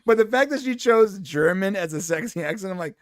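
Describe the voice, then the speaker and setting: A man's voice: high voice, lively intonation, brisk. A man co-hosting a casual podcast chat, playful and rambling, laughing often. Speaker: podcast co-host.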